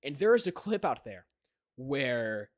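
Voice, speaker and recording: A man's voice: medium pitch, very animated, measured pace, dry recording, studio quality. A teenage young man hosting a podcast, telling a story in a rambling way, full of fillers and "right?" check-ins. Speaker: podcast host. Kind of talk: casual chat.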